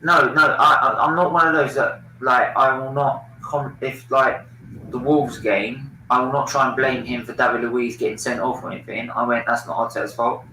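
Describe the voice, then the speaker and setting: A man's voice: mid-range voice, fairly even intonation, normal speed, bright, forceful tone, roomy sound, distant mic, a little hiss or hum, poor audio. A man hosting a football watchalong stream, opinionated and swearing freely in casual chat.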